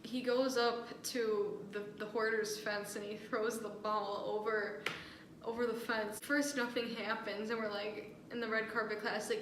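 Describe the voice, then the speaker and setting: A woman's voice: on the high side, unhurried. A young woman co-hosting a casual talk show, telling a story with lots of laughs and fillers. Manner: animated, laughs often, filler-heavy. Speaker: podcast co-host. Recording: echoey room with faint noise.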